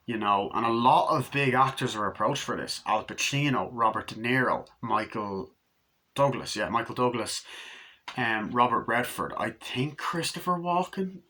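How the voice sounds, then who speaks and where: A man's voice: medium pitch, animated, moderate pace, bright, forceful tone. A man giving a casual, unscripted movie review, rambling, swearing freely and acting out scenes. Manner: rambling, profane, acts out scenes.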